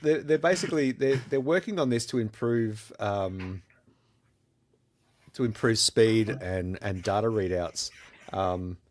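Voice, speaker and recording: A man's voice: lowish voice, measured pace, a little mellow. A man co-hosting a live photography podcast, chatting casually and rambling with lots of fillers. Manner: rambling, filler-heavy, thinks aloud. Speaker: podcast co-host. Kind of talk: casual chat. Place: studio during a live podcast.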